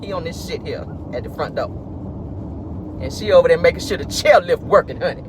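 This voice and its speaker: A man hosting a casual celebrity gossip vlog from his car, talking with animated, laughing, playful sass. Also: a little high, brisk, a little hiss or hum. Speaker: host.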